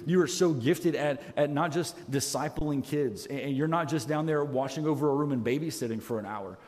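A man with a darkish, medium-pitched voice preaches in a church sanctuary, his sound spreading through the large hall. Wearing a headset microphone, he is earnest and self-deprecating, often restarting sentences.

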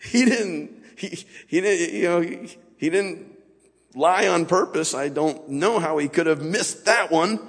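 A man with a slightly husky, breathy voice preaches informally to a church congregation, loose and conversational rather than polished. His voice carries a long reverb that rings through the large sanctuary. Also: high-pitched, unhurried. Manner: casual, conversational, plain-spoken. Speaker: guest speaker at a church. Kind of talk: informal sermon.

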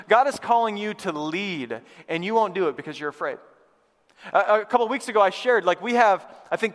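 A man with a high, light voice preaches to his congregation, moving from scripture reading to earnest, conversational talk. He calls out for the room to answer him. His words ring out with a long church reverb behind them. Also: fairly bright tone. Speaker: pastor. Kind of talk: sermon. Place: church sanctuary.

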